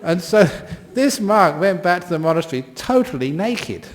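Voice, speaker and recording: A man's voice: sits high, big pitch swings, moderate pace, slight background noise. A British man in his sixties, a Buddhist monk giving a dharma talk with humorous, self-deprecating storytelling.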